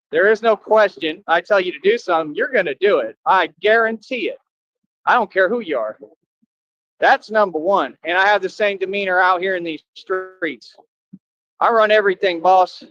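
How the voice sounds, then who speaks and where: A man's voice: high-pitched, a bit bright, dry recording. A man streaming live, scolding and boasting at an online critic in a repetitive rant. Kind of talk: confrontational rant to viewers. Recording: dull lo-fi, dry.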